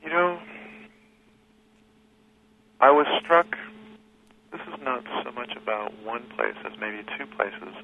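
A man, a guest who teaches history, talking reflectively in an interview, pausing and restarting his sentences often. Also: mid-range voice, expressive, vocal fry. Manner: thoughtful, halting with many restarts and fillers. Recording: tinny phone line with faint hiss.

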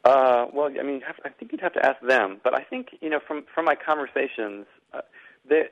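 A man's voice: medium pitch, normal speed. Man on a tinny phone-like line. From Boston, US. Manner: rambling, with frequent repeated words. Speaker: author and guest. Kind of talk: conversational interview answers.

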